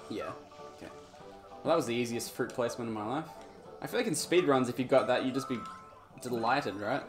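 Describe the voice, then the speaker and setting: Streaming a game live with music playing behind him, a man keeps up a laid-back chat with viewers, often laughing and humming along. He speaks fairly quickly at a medium pitch.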